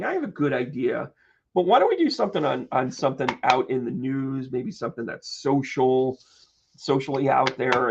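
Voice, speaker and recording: A fairly high-voiced man hosts a live tarot reading, bursting with exclamations, jokes and casual swearing as he calls out viewers by name. The stream audio is dull and lo-fi. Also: breathy edge. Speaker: tarot reader and medium.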